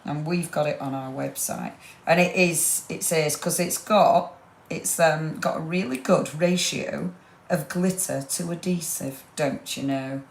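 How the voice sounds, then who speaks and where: A woman's voice: low voice, steady tone, unhurried, creaky. A woman leads a live crafting demo, chatty and gushing with rambling asides. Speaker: craft demonstrator. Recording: roomy echo.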